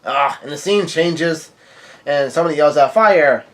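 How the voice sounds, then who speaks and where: A man's voice: a little high, fairly even intonation, moderate pace. A man casually reading comic dialogue aloud, often stumbling and correcting himself, with surprised outbursts. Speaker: manga reaction reader.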